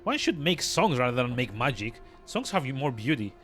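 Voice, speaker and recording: A man's voice: medium pitch, big pitch swings, moderate pace, fairly bright tone, faint music behind. A man voicing a sly, cackling old midwife from a game, in a teasing old-timey dialect. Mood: gruff. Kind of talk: reading game dialogue aloud.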